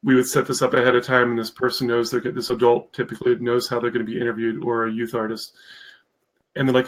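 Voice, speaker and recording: A man's voice: medium pitch, completely flat delivery, fast, poor audio. A man talking as a guest on a live stream, enthusiastic and rambling, with many fillers. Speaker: guest, mentorship program founder. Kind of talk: casual live-stream interview.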